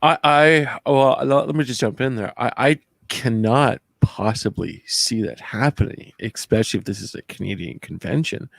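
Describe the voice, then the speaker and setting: A young man chats as co-host, tripping over repeated words as he builds mock-outraged points. His voice has a gravelly edge. The sound is dry and close. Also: mid-range voice, normal speed, few pauses, no echo. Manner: stammering restarts, mock-indignant. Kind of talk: casual podcast chat.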